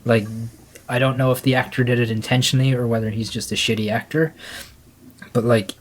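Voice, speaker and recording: A man's voice: mid-range voice, steady tone, brisk, a little hiss or hum. A man co-hosting a casual panel discussion, rambling and swearing with lots of fillers. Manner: profane, rambling, many fillers. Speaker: podcast co-host.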